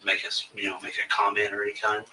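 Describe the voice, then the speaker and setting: A man investigating a case, questioning a witness in a recorded interview with steady, probing questions. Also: lowish voice, quick pace. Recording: distant mic with faint hiss.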